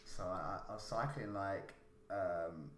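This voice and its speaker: A man's voice: deep voice, takes it slowly. A young man telling a rambling, sweary story on a casual podcast. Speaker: podcast co-host. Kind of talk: casual chat. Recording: roomy, slightly noisy.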